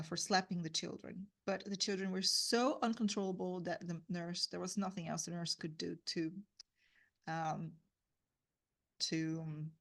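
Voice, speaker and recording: A woman's voice: on the low side, creaky. Woman teaching a literature reading lesson. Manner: explains with fillers and rhetorical "right?".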